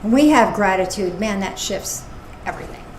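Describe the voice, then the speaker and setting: A woman minister giving a casual, playful sermon with animated asides. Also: medium pitch, moderate pace. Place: church service. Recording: echoey room with faint noise.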